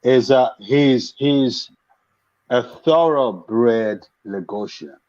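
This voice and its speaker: A man's voice: mid-range voice, drawn-out words, darkish tone, lo-fi sound. A man joining a casual panel chat over a video call, explaining things at length with many restarts and fillers. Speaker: panel guest.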